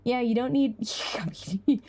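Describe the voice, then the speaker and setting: Mellow-voiced woman streamer chatting. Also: a little slow. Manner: chatty, laughs easily, bursts into high excited squeals. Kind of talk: casual live-stream chat.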